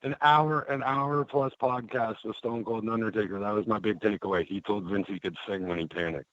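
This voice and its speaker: A man's voice: fairly low pitch, fairly even intonation, fairly quick, fairly bright tone, no room sound, lo-fi sound. A man calling in as a podcast guest, chatting casually about wrestling in a joking, teasing way.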